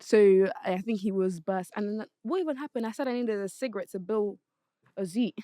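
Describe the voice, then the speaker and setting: Young woman podcast host, fast blunt storyteller, dry close mic. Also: medium pitch, dry recording. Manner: blunt, swears freely, animated storytelling. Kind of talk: casual chat, storytelling.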